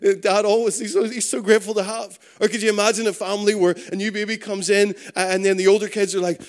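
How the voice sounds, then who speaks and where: A man with a slightly higher voice preaches a sermon in a church hall. He talks to the congregation in an easy, chatty way, and his voice sinks low and soft on the lines he wants to land. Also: steady tone, brisk. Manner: conversational preaching, voice drops low and quiet on key lines. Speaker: pastor.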